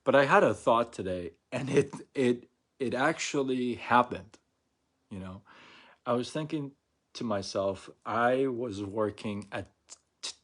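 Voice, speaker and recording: A man's voice: mid-range voice, unhurried. A middle-aged man talking casually to viewers on a live stream, chatty and repetitive, often checking in with "right?" and acting out mock quotes. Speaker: vlogger.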